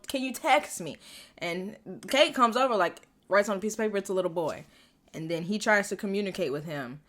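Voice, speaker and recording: A young woman talks through a TV episode in a loose, casual recap, bright and clear in tone. She gets excitable, jumping into quoted lines and reacting as she goes, never sounding scripted. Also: a little high. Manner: excitable, animated retelling with quoted voices. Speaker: recap reviewer.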